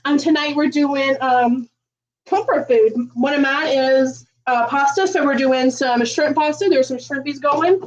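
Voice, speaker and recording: Cooking in her home kitchen during a livestream, a woman speaks to viewers in a folksy, unhurried way, full of ums. Her voice is high, she is far from the mic, and the sound is dull.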